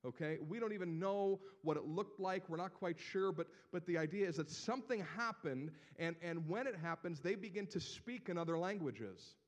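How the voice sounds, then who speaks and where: Male pastor, Northeast Ohio accent, lively sermon delivery with a voice on the higher side. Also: normal speed, few pauses. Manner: animated, building to loud emphatic proclamations.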